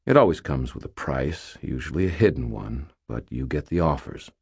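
Male audiobook narrator: grave, measured first-person read, very deep bass, husky edge. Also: expressive, no room sound, clean studio sound.

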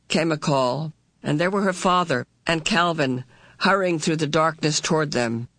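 A woman narrating a storybook in a slow, deliberate, heartfelt way, lifting into the characters' voices for their lines. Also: low voice, a bit bright, no echo. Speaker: audiobook narrator. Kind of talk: expressive storybook reading.

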